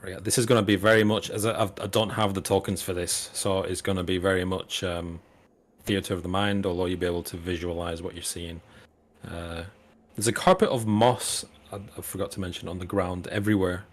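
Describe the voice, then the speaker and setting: A low-voiced man narrates a tabletop game as game master. He talks casually, stopping and restarting his sentences as he describes the scene. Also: steady tone, a little fast. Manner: loose, full of fillers and restarts.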